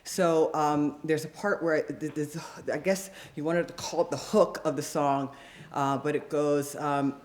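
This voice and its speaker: A man with a somewhat high voice addresses a live audience from the stage. He is chatty and coaching, stopping often to check that the crowd follows along. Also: a little slow. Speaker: open mic poet. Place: live venue before an audience.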